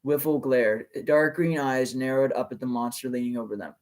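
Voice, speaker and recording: A man hosting a live reading of fan fiction, narrating and breaking in with loud, excitable exclamations. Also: mid-range voice, moderate pace. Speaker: channel host, reader.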